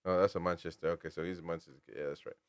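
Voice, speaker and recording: A man's voice: deep voice, steady tone, rapid-fire, no room sound, clean studio sound. A man hosting casual football talk, rambling with restarts and throwing in "man". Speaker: host.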